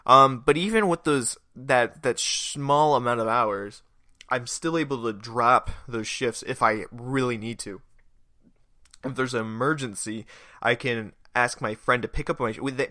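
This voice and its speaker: A man's voice: mid-range voice, bright, forceful tone, no echo, studio quality. A young man hosting his own podcast in a casual, rambling, self-deprecating way, with a stuffy nose. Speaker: podcast host. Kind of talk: casual solo podcast monologue.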